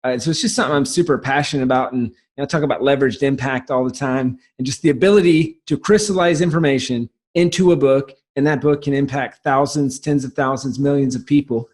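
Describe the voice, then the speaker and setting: A man's voice: medium pitch, steady tone, fast, few pauses, a little mellow. A man from South Carolina with a light Southern US accent, a guest telling his business story in a casual podcast interview, enthusiastic, with frequent restarts.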